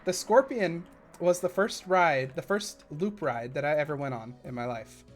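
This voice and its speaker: Chatting casually as he builds a park in a game on a live stream, this man wanders off into side stories and now and then bursts out excitedly. His voice sits on the high side at a moderate pace, with faint music in the background.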